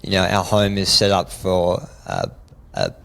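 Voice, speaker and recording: A laid-back Australian man with a notably deep, low voice. He chats easily as an interview guest, dropping "mate" into his answers. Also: unhurried, gravelly, poor audio. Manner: relaxed, easygoing, says "mate" often. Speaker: guest, fitness expert. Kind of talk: casual interview chat.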